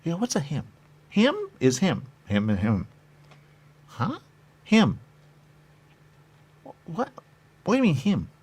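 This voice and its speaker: A man's voice: a little high, huge pitch swings, takes it slowly, long pauses, darkish tone, breathy edge. A man trading absurd, playful comedy banter, with some whispered asides.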